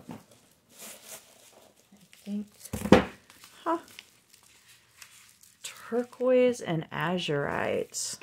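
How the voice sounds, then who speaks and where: A woman chatting softly as she unboxes a purchase, cooing and slipping into gentle whispers. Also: fairly low pitch, vocal fry, noisy background. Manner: slow, soft-spoken, drifting into gentle whispers and coos. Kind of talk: casual unboxing chat.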